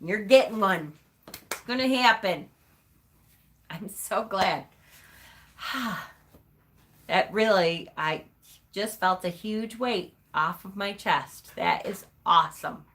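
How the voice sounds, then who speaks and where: A woman with a medium-pitched, somewhat bright voice talks slowly and pauses often. Hosting a casual livestream, she answers viewers' comments by name and calls them honey, gushing in an effusive, emotional way.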